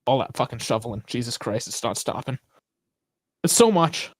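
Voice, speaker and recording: Lively, swearing sports podcast host. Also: male voice, medium pitch, normal speed, dry recording. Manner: loose, profane banter with frequent laughs. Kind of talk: casual chat.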